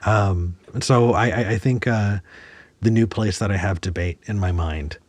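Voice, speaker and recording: A man's voice: lowish voice, normal speed, no room sound. A man hosting a podcast, talking reflectively and searching for words with frequent restarts. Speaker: podcast host. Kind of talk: casual conversation.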